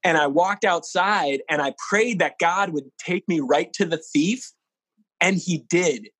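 A young man tells a personal story as an interview guest in a lively, casual way, with "like" all through his speech. His voice sits a little high for a man. The sound is dry and close, with no room echo. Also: unhurried. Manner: animated, fills speech with "like".

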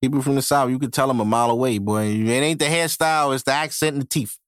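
Recording a casual solo podcast at home in New York, a man with a medium-pitched voice talks fast in clean studio sound with no room echo. He speaks in loose, profane street slang and laughs often between thoughts.

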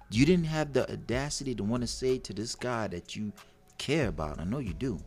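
A man's voice: on the low side, quick pace, soft background music. A man co-hosting a talk show, speaking casually and emphatically, with slang and a stream of rhetorical questions. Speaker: advice show co-host. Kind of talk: casual on-air chat.

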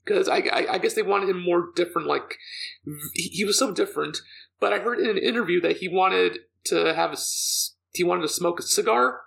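A man co-hosting a podcast in casual chat, halting, with many fillers and repeats. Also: high voice, vocal fry, fairly bright tone.

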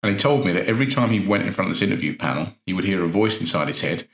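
A man's voice: low voice, expressive, very fast, vocal fry. A man, an NLP coach, giving an earnest motivational talk full of rhetorical questions and repeated phrases. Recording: roomy echo.

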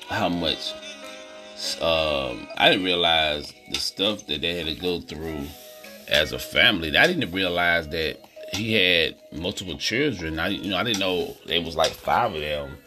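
Deep-voiced laid-back male podcast host. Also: animated, a little slow, pushed and bright, faint music behind. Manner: laid-back, slangy, talks to listeners as y'all. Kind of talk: casual movie review chat.

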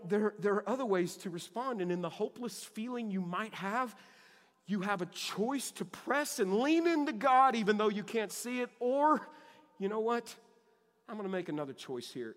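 Man, pastor, sermon, impassioned, repeats words, slightly high voice, echoing hall. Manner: impassioned, swinging between loud emphasis and hushed lows; repeats words and restarts phrases.

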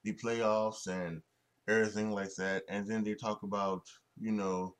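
Rambling low-voiced man on a sports podcast. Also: little pitch movement, unhurried, clean tone. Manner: rambling, many restarts and fillers, chuckles often. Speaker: podcast host. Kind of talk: solo sports podcast commentary.

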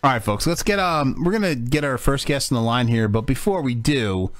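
Joking man host with a lively voice. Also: mid-range voice, a little fast, faint music behind. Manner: loose and joking, laughs often. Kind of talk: casual podcast banter.

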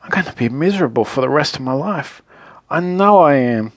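A man's voice: fairly high pitch, animated, fairly quick, no echo, studio quality. A man voicing a sad little girl who has lost her giggle, speaking in a mournful, sighing way. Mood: miserable.

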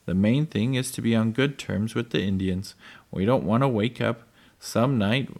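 A man reading as steady pioneer father. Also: lowish voice. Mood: reassuring. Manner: steady, measured, plainly read. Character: pioneer father, calm, firm, caring.

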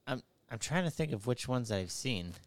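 A man's voice: mid-range voice, animated, normal speed, no echo. A man in a casual podcast chat, telling stories animatedly, swearing freely and acting out quotes. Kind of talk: casual chat about movies.

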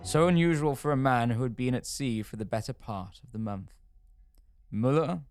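A man's voice: mid-range voice, animated, fairly quick, soft background music. Man narrating a true-crime story.

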